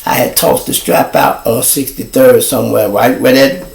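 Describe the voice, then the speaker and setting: A man with a Chicago accent, hosting a livestream show and telling a profane, animated story to his viewers. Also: mid-range voice, normal speed, gravelly, roomy sound, low-quality recording. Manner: profane, animated, acts out quoted voices.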